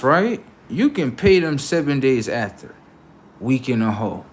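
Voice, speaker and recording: A young man talking casually to his livestream viewers, animated and slangy, jumping from loud outbursts to quiet asides. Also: a little high, moderate pace, slightly rough. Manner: slangy, addresses viewers directly. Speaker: livestream host.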